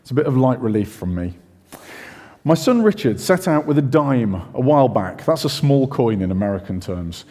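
A man preaches a sermon at normal speed in a mellow, warm tone, his pitch rising and falling expressively. He speaks chattily, questioning himself and adding casual asides, and the church hall gives his voice a long reverb.

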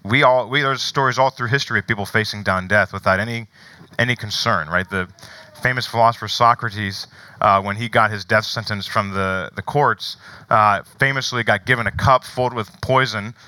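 A man preaching a sermon in a conversational way, often checking in with "right?" and slowing down to stress key words. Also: on the low side, bright, forceful tone, no room sound, poor audio. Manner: conversational, frequent "right?" asides.

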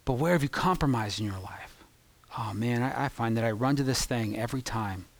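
A man preaching a sermon as pastor, impassioned, swinging between loud peaks and hushed, confessional asides. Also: medium pitch, a little fast.

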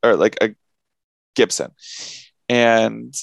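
A man's voice: lowish voice, slow pace, vocal fry, no echo. A young man co-hosting a podcast, rambling casually with plenty of swearing and laughter. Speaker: podcast co-host. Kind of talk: casual chat.

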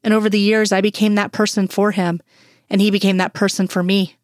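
A woman reading a first-person story aloud in an earnest, measured way. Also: medium pitch, level tone, no echo, clean studio sound. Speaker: reader.

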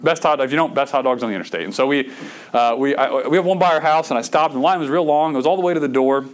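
A man's voice: a little high, very fast. A middle-aged man, preaching a sermon in a conversational way, with stammered restarts and bursts of emphasis. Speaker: pastor.

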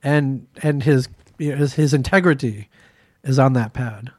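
A man's voice: mid-range voice, moderate pace, dry recording, studio quality. A man co-hosting a podcast, joking around and stammering over repeated words. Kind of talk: casual chat.

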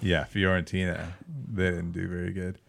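Deep voiced guy cohosting, opinionated, teasing, dry mic. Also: completely flat delivery, gravelly, fairly bright tone, no room sound. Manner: opinionated, quick teasing banter. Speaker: podcast co-host. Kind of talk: casual sports chat.

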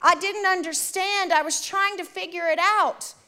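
A woman preaching, telling a personal story to the congregation in an animated, conversational way. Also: very high-pitched, moderate pace. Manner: animated, addresses the audience directly, conversational. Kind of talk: sermon storytelling.

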